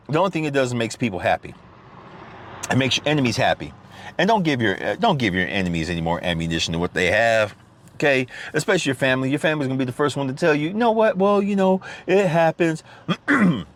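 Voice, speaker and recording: A middle-aged man rants into his podcast from the driver's seat, his voice swinging up and down as he swears and restarts his thoughts. Faint car hum sits under him. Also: medium pitch. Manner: animated, rambling, heavy swearing, frequent restarts. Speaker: podcast host. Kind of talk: casual profane rant.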